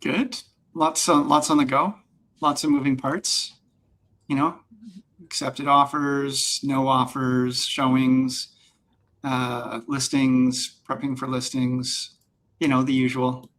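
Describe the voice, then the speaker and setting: Upbeat man, mid pitch. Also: flat delivery, takes it slowly, a bit bright, poor audio. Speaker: realtor. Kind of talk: casual panel chat.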